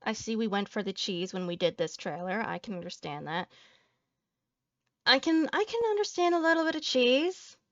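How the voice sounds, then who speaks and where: A woman's voice: mid-range voice, big pitch swings, moderate pace, lo-fi sound. A woman VTuber giving a salty, profane reaction commentary, ranting and joking at her viewers. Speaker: VTuber streamer.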